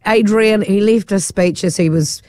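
A woman's voice: mid-range voice, moderate pace, warm tone, dry recording. A woman, hosting a radio show and asking curious questions. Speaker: radio host. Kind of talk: casual radio chat.

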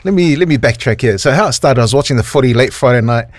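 Animated Kiwi man telling a story. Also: fast. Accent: New Zealand. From New Zealand. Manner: animated, acts out quotes in high voices, laughs a lot. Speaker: radio host. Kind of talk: storytelling on air, casual chat. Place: radio studio.

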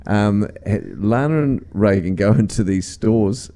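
A man's voice: on the low side, unhurried, warm tone. A man hosting casual breakfast radio banter in a studio, teasing, laughing often and playing at exasperation. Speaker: radio host.

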